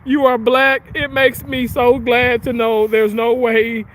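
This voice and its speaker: High-voiced man chatting over street noise. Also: level tone, slow pace, a bit bright. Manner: giggly, crude, playful, laughs often. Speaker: livestream host. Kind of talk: casual livestream chat, reading comments.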